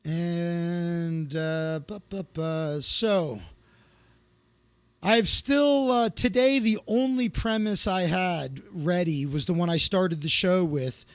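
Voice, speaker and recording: A man's voice: sits high, slow pace, no echo. A man hosting a comedy live stream, telling rambling stories to his viewers in a casual way, with lots of fillers and restarts. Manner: loose, anecdotal, with many fillers and restarts.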